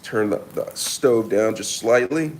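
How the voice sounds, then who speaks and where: A man's voice: on the low side, a little slow. Hammy man cooking on camera. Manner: mock-serious, hammy, repeats catchphrases. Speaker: cooking vlogger. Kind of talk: casual cooking demo to camera. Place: home kitchen.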